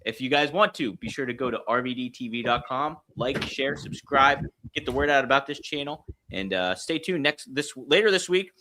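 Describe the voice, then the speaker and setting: A man's voice: medium pitch, animated, moderate pace, few pauses, bright, forceful tone. A man co-hosting a casual wrestling podcast, upbeat and encouraging, laughing often and wrapping up the show. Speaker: podcast co-host.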